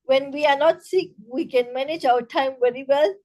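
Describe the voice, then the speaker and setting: A woman teaching a laughter yoga session over a video call, speaking haltingly with many restarts and leading rhythmic bursts of laughter. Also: high voice, darkish tone. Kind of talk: online interactive workshop talk.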